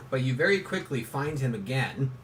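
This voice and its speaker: A game master narrating a tabletop session in a plain, matter-of-fact way. The voice sits at a middle pitch and sounds set back from the mic. A steady noise hangs behind it. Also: normal speed, far from the mic, low-quality recording.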